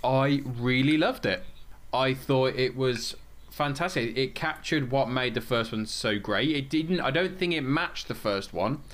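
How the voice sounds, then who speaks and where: A man's voice: medium pitch, measured pace, fairly bright tone. A man hosting a casual podcast discussion, talking with enthusiasm and often restarting his sentences. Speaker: podcast host leading the discussion.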